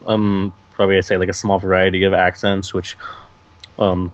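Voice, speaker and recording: A man with a deep, low voice talks casually as an interview guest, rambling along with frequent fillers and restarts. The sound is dull and lo-fi, like an online call recording. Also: level tone, moderate pace. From California. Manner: rambling, hesitant, many fillers. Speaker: guest voice actor.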